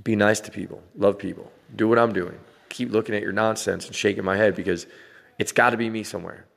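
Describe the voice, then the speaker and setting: A man in his forties delivers a blunt, swear-laden vlog rant with a low, gravelly voice. His words ring out with a long reverb, as if spoken in a hard, echoing room. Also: steady tone, fast talker, a bit bright. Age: 40s. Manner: blunt, swearing, laughing between lines. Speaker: vlogger dad. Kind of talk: casual rant to camera.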